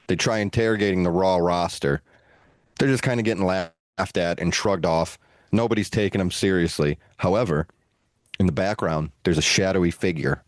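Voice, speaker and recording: A man co-hosting a podcast, telling a long story in an animated, relaxed way with playful asides. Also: fairly low pitch, no echo, clean studio sound. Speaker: podcast co-host. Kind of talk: casual storytelling.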